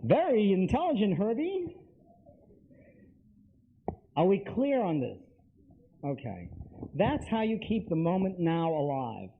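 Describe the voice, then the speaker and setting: A man's voice: high-pitched, huge pitch swings, takes it slowly, long pauses. A man giving a live lecture to an audience, talking emphatically and straight to them with repeated phrases. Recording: tinny lo-fi lecture recording.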